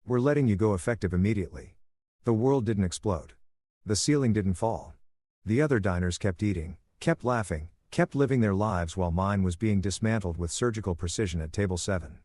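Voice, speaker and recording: Calm, low-voiced male story narrator. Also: normal speed, no room sound. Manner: calm, soothing reading. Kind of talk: first-person story narration.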